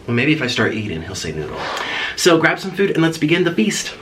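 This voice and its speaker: A man's voice: a little high, huge pitch swings, quick pace. A man hosting a mukbang eating-show vlog, playful and rambling, chatting to viewers and cooing at his pet bird. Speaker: mukbang vlogger. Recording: distant mic with clear background noise.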